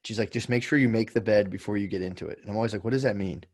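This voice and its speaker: Male podcast guest, comedian, low-ish voice, talks fast and rambly, lots of restarts and cussing. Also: a little mellow. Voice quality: swears freely, rambling with many restarts. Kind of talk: casual chat.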